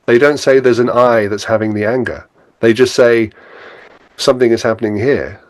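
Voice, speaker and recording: A man's voice: mid-range voice, moderate pace, no room sound. A man guesting on a podcast as a spiritual teacher, talking casually and reflectively, laughing often and acting out his own inner thoughts.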